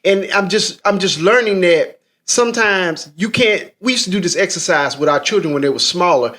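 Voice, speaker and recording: A man's voice: high voice, normal speed, pushed and bright. A man co-hosting a relationship podcast, speaking earnestly and emphatically, repeating words for stress. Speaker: podcast co-host. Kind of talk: supportive personal chat.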